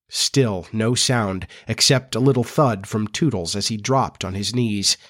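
This podcast host and narrator has a lowish, fairly bright voice and talks a little slowly with few pauses. After a confiding, conversational chat, he moves into an expressive audiobook reading.

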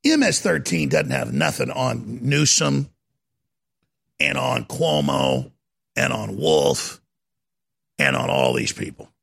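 Gravelly, ranting male talk host. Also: huge pitch swings, slow pace, long pauses. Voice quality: gravelly, husky voice. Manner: heated, shouting rants with wide pitch swings. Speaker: radio talk show host.

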